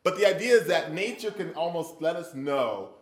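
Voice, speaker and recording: At a normal speed and in a fairly high voice, a man leads an interactive Bible study, putting questions to the group. He tells his stories animatedly, acting out little voices and sounds, and the room carries an echo.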